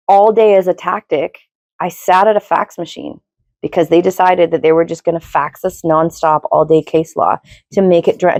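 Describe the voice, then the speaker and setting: Animated middle-aged woman, dry close sound. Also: dry recording. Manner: animated, rambling, quick pitch jumps. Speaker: podcast co-host. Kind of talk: casual opinionated chat.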